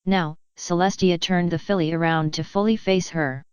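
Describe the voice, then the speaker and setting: A woman narrating a fan fiction audiobook in a steady, measured way. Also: fairly low pitch, smooth, dry recording, muffled recording.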